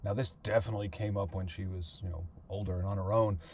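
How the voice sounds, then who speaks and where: Low, husky and a little mellow, this middle-aged man's voice stays steady in tone as he talks fast. A podcast host and author, he narrates his family's history casually, musing aloud through fillers and false starts.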